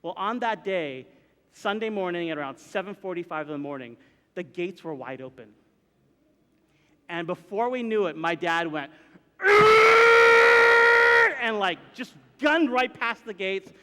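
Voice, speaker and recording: A man telling a personal story to a live audience, animated and acting out the voices and sounds in it. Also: high voice, moderate pace, background noise. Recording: long hall reverb.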